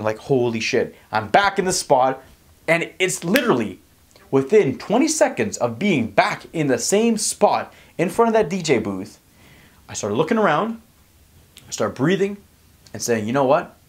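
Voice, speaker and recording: A young man telling a personal story to his viewers in an emphatic, animated way, often repeating words as he goes. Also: fairly high pitch. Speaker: vlogger and public speaking coach.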